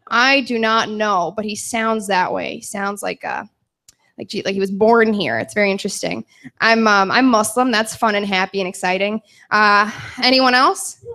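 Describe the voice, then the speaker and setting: A woman's voice: fairly high pitch, fairly bright tone. A young woman from Chicago doing a stand-up set in a bar, rambling and self-deprecating with frequent giggles. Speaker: stand-up comedian. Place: bar stage.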